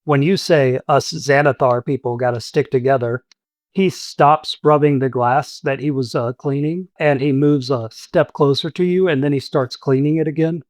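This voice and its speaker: A man's voice: a little high, moderate pace, few pauses, darkish tone, no echo, studio quality. A man running a tabletop game as game master, narrating scenes in an easygoing, descriptive way.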